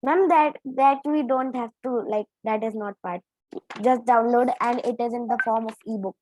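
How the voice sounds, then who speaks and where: A female student, answering politely and eagerly in an online class, a bit halting. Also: on the high side, darkish tone, slight background noise, rough recording. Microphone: video call.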